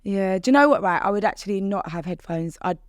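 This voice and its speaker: A woman, chatting on a podcast in a bright, animated way. She laughs often and acts out her own past words in quoted voices. Her voice is dry and close to the mic, with no room sound. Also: medium pitch, fast talker, no echo. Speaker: podcast guest, fitness instructor. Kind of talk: casual interview chat.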